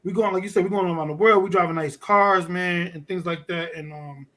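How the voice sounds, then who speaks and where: Animated New man telling a story. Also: sits high, a little fast. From Fort Greene, Brooklyn. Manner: animated, profane street storytelling. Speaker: guest. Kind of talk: casual storytelling.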